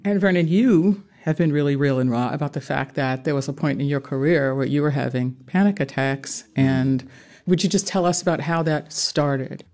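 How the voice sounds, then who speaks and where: Male host, empathetic and probing, higher-pitched voice. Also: normal speed, darkish tone. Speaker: interviewer. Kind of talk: interview questions.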